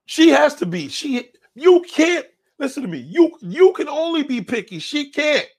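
A man's voice: very high-pitched, sing-song, moderate pace, creaky. A man hosting a show, reading viewer comments and answering them in a blunt, confrontational rant full of swearing. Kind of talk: profane ranting commentary.

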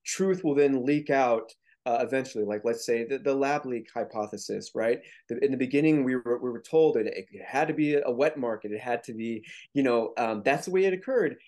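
A man's voice: mid-range voice, fairly quick, a little mellow. A man speaking as a guest author in a casual interview, explaining his points earnestly with frequent restarts.

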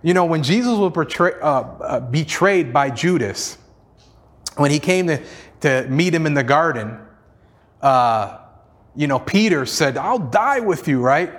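Guy preaching a sermon, kinda high voice, repeats stuff for emphasis, lots of "you know". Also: animated, a little slow. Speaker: pastor.

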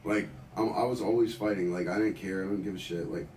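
A man's voice: deep voice, fairly even intonation, quick pace, a little mellow, echoey room, recorded from a distance. A young man and former football player telling stories in casual chat, loose and laid-back. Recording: voice off-mic with faint hiss.

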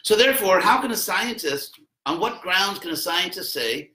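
A man's voice: high voice, lively intonation, normal speed, hardly any pauses, sharp tone, echoey room, rough recording. A man giving an informal classroom lecture in a rambling, conversational way, with wry asides.

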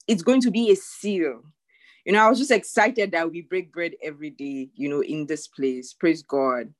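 A woman's voice: deep voice, moderate pace, no room sound. A woman pastor preaching a sermon, earnest and emphatic, repeating her key phrases.

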